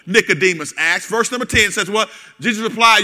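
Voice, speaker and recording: A man's voice: high voice, a little fast, few pauses, pushed and bright, long reverb tail. A man preaching a sermon, quizzing his congregation with call-and-response questions. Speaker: pastor.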